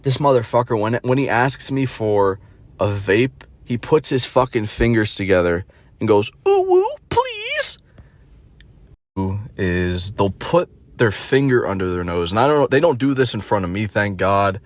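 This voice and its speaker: A man's voice: lowish voice, normal speed, no echo. Profane, rambling young man in dry sound. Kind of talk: comedic storytelling rant.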